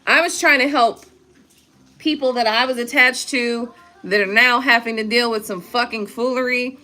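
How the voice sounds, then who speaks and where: A woman's voice: a little high, steady tone, normal speed, pushed and bright. A young woman giving a casual live tarot reading, chatty and prone to laughing and swearing, with features. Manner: chatty, laughs often, swears, reads viewer comments aloud. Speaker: tarot reader.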